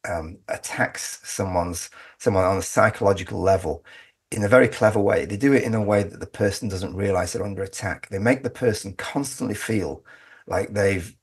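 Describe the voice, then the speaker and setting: Man, very husky voice, emphatic interview guest, frequent restarts. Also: on the low side, normal speed. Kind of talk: conversational interview.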